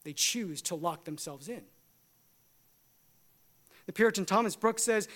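Male pastor, high voice, emphatic sermon delivery in a church. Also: unhurried, pauses often, a bit bright. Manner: emphatic preaching, rising and falling.

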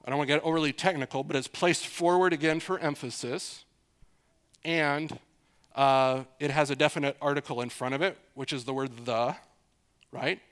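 Conversational preacher man, slightly high voice. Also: steady tone, normal speed, a bit bright, smooth. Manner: conversational, repeats for emphasis, asks listeners questions. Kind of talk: expository sermon.

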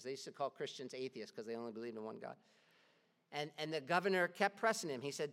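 A man's voice: medium pitch, quick pace, a bit bright, in a large hall. A man preaching a sermon, telling martyr stories earnestly in casual, modern phrasing.

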